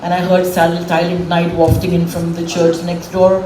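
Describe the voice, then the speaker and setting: A woman's voice: fairly low pitch, completely flat delivery, moderate pace. A middle-aged woman speaks candidly and with emotion at a public event. Her voice is picked up from a distance in a roomy hall with reverb. Faint room noise hums behind her. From India. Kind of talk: public speech.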